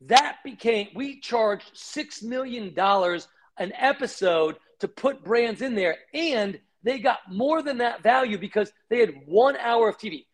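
The interviewee, a middle-aged company founder, speeds through animated career anecdotes, performing the voices of those he quotes. His pitch is extremely high.

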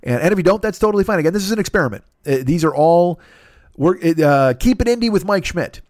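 A man's voice: high voice, animated, fast, darkish tone, no room sound, studio quality. A middle-aged man hosting his own podcast, talking alone in a rambling, profane, self-deprecating way. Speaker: podcast host. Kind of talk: solo podcast monologue.

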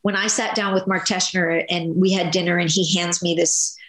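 A woman in her fifties, a soap opera actress, chatting in an interview in a rambling, animated way, full of restarts and "you know"s. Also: on the low side, moderate pace, roomy sound. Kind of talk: casual interview chat.

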